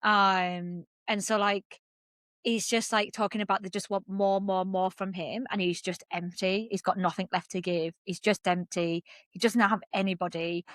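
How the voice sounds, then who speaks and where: A young woman co-hosting a podcast, gushing and excitable as she recaps a TV episode and swears freely. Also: medium pitch, moderate pace, dry recording, clean studio sound. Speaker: podcast co-host. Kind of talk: casual chat recapping a TV episode.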